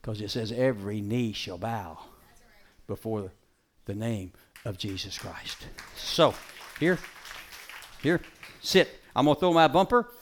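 A man preaching a live sermon before an audience, folksy and emphatic, switching between loud calls and quiet asides and giving brisk commands to a dog. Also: on the low side, expressive, slight background noise.

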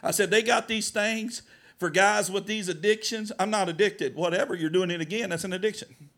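Gravelly high-voiced preacher man. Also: fairly quick. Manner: storytelling preacher who acts out dialogue, swings from hushed to loud. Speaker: pastor. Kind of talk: sermon.

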